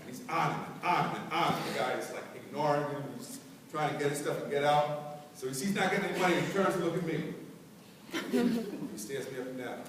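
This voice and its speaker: A man's voice: fairly high pitch, brisk, noisy background. A man giving a conference talk, telling stories in a conversational way as the audience answers back. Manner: conversational, call-and-response rhythm with the crowd. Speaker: keynote speaker. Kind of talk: conference speech with storytelling. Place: large conference hall. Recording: echoey hall from far off with crowd.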